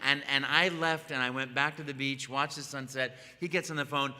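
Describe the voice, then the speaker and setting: An older man, a voice actor, telling a story on a convention panel in an animated way, acting out voices and often restarting his sentences. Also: mid-range voice, normal speed. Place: large convention hall. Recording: echoey convention hall.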